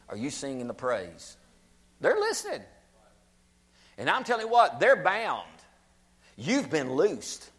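A man with a high voice preaches to a small church gathering. He hammers his points home by repeating phrases and climbs into shouted passages. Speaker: pastor. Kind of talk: sermon.

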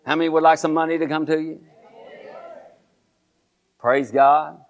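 A man's voice: a little high, little pitch movement, unhurried, dull audio. An older man, preaching a sermon as pastor, repeating lines and calling the congregation to say them with him, often restarting his sentences. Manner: repetitive call-and-response preaching with many restarts.

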